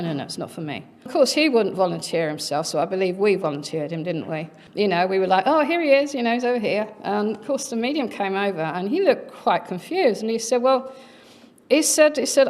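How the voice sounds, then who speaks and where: A woman's voice: mid-range voice, a little mellow. A middle-aged woman speaking at a conference, telling a personal anecdote in a chatty way with many fillers and acted-out quotes. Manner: chatty, frequent fillers, acts out quoted voices.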